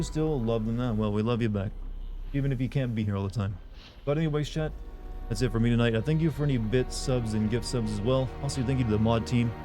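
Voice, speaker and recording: Sleepy, mellow-voiced male game streamer. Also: medium pitch. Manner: rambling, self-interrupting, chatty. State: sleepy, yawning. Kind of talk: casual live-stream chat to viewers.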